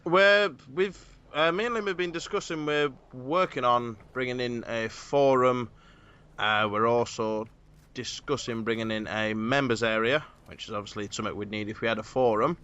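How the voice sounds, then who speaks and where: Bright-voiced podcast host. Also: male voice, mid-range voice, moderate pace, clear, resonant tone, lo-fi sound. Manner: rambling, filler-heavy planning talk. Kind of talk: casual podcast chat.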